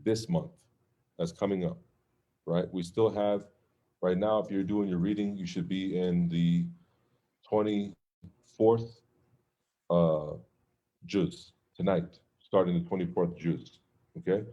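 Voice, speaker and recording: A man's voice: low voice, steady tone, takes it slowly, long pauses, warm tone, muffled recording. A man teaching an informal religious class, talking conversationally and checking in with his listeners with "okay?" and "right?". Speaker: Islamic teacher.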